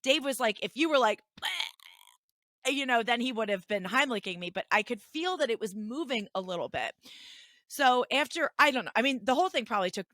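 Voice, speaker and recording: A woman co-hosting a casual podcast chat, telling a story in an animated, chatty way with lots of restarts. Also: a little high, fast, no echo. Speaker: podcast co-host.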